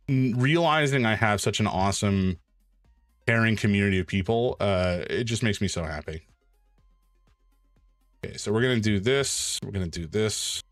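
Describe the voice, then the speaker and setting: A man hosting a charity live stream, chatting casually while he draws and thanking donors in an excitable, joking way. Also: fairly low pitch, no echo.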